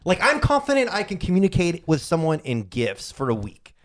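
A man's voice: high-pitched, wildly swooping pitch, a little fast. A man in his thirties hosting a casual podcast chat. He rambles, trails off into mumbles and pokes fun at himself. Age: 30s. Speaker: podcast host.

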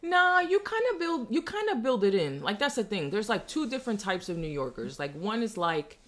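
A woman's voice: medium pitch, a little fast. A young woman with a New York accent, telling stories in a casual chat, cursing freely and with emphasis. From New York City. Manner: profane, emphatic, animated storyteller. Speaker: podcast host.

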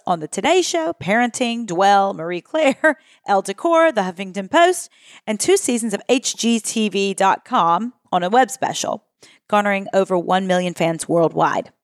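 A woman's voice: mid-range voice, dry recording, studio quality. A woman from Kentucky with a Kentucky accent, hosting a podcast in a bubbly, gushing way. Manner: bubbly, gushing, laughs often. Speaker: podcast host. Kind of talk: casual interview chat.

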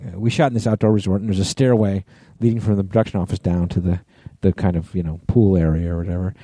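A man co-hosting a podcast, telling long, meandering anecdotes in casual chat. His voice is warm and dark, recorded close with no room sound. He fills his talk with "you know" and easy profanity. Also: sits low, steady tone, fast, no echo. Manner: rambling storyteller, lots of you-knows, swearing. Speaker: podcast co-host.

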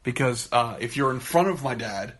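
A man's voice: mid-range voice, expressive, normal speed, fairly bright tone. A man co-hosting a podcast in casual chat, joking and swearing as he tells stories. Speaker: podcast co-host.

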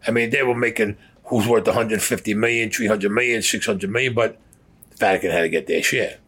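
Gruff swearing older man telling stories. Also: on the low side, fairly even intonation, fairly quick, fairly bright tone. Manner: blunt, swears constantly, acts out quotes. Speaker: interviewee. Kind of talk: profane storytelling.

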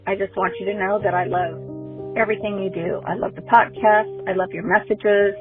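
A woman's voice: medium pitch, fairly even intonation, normal speed. A woman leaving an upbeat, effusive voicemail for a podcast host. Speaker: voicemail caller. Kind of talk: phone voicemail message. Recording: tinny phone line with music behind.

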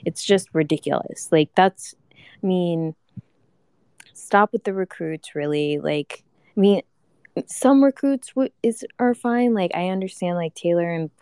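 A woman's voice: lowish voice, moderate pace, dark tone, smooth, no room sound, studio quality. A young woman giving a live reaction to a reality show, ranting casually with swearing and lots of fillers. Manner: ranting, profane, many fillers.

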